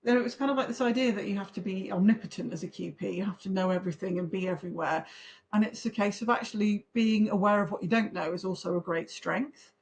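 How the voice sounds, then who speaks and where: A woman's voice: mid-range voice, fast talker, slight background noise. Chatty woman telling a story. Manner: chatty, animated, talks in long run-on recollections. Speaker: podcast guest, pharmaceutical trainer. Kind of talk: conversational interview storytelling.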